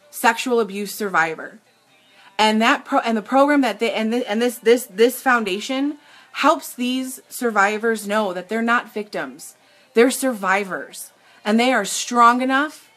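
Using a tablet for her live stream, a young woman selling makeup talks to viewers with earnest feeling, frequently restarting her sentences. Her voice is on the high side and a bit bright.

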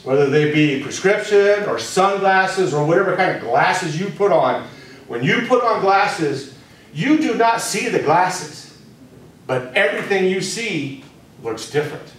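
A man with a high, expressive, fairly bright voice speaks a little slowly as he teaches a spiritual course. He talks candidly and directly to a small group, telling stories from his own life. The recording is distant and the room is very echoey.

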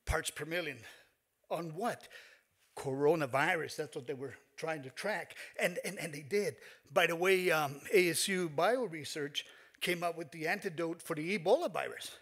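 A middle-aged man tells a personal story live on stage, his voice sitting a little high for a man. He speaks haltingly, full of fillers and restarts, and his emotion shows through. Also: a bit bright, breathy edge. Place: stage in a performance hall.

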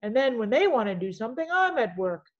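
A woman voicing a cheerful, loud man, a friendly night janitor, chatting in a jovial way. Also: very animated, fast talker, muffled recording. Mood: chatty. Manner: booming, jovial.

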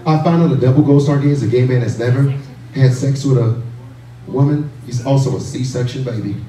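A man in his forties delivers a stand-up set in a brash, loud storytelling manner, now and then breaking into high squeaky voices for his characters. The sound is distant and roomy, with a steady hum behind it. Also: a little fast. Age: 40s. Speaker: stand-up comedian. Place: comedy club stage with audience. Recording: echoey club recording from far off.

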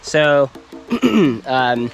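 A man's voice: mid-range voice, fairly even intonation, very slow, lo-fi sound. A man hosting an outdoor vlog by a stream, chatting eagerly and asking curious questions. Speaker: host. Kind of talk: casual outdoor vlog chat. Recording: outdoor talk under loud music. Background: music.

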